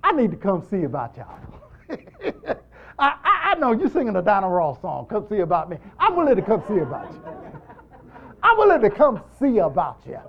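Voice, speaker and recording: Animated male preacher, swinging loud to soft. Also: high-pitched, normal speed, creaky, lo-fi sound, some chatter behind. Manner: repetitive, emphatic call-and-response delivery. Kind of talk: sermon.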